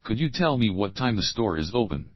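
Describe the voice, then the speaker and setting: A man with a fairly low, very animated voice reads example questions one at a time for English learners, giving the opening words and then the full question. This English teacher's drill reading is slow and clear, repeating each opening phrase. The recording is dry and lo-fi.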